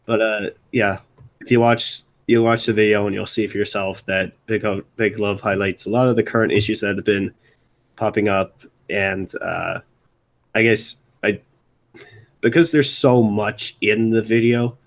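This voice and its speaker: Young guy from baltimore rambling about music, kinda low voice, lots of restarts. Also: steady tone. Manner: rambling, halting, many restarts. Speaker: music segment host. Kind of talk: casual live stream chat.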